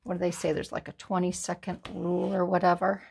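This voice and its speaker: A woman's voice: lowish voice, completely flat delivery, quick pace, creaky, a little mellow, husky. A woman hosting a card-making tutorial, thinking aloud in a casual, musing way as she works. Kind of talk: casual crafting tutorial talk.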